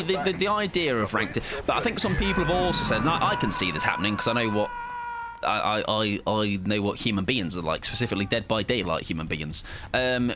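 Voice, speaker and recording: A man's voice: fairly low pitch, background noise. A young British man giving casual live gameplay commentary as a streamer, rambling, restarting sentences and swearing casually.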